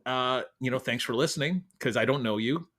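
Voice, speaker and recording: A man hosting a casual movie podcast, joking wryly and swearing for effect. His voice is bright and forward, at an ordinary pitch. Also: a little fast. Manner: wry, swearing, animated. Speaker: podcast host. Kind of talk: casual chat.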